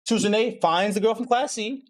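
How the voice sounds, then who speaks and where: A young man retells an anime episode for his stream, swearing freely and acting out each character's lines. His voice sits a little high for a man. He talks in a loose, excitable run. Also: normal speed. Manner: animated, profane storytelling with acted-out quotes. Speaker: podcast host recapping an anime. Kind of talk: casual chat.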